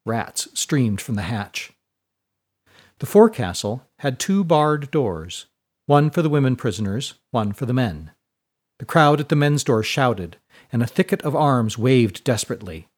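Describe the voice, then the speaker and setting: A man narrating a serialized adventure story in a calm, measured way. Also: mid-range voice.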